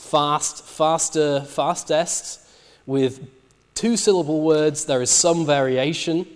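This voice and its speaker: Guy lecturing w/ a real lively up-and-down voice, long reverb like a big hall. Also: on the high side. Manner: explanatory, poses rhetorical questions. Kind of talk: recorded lecture.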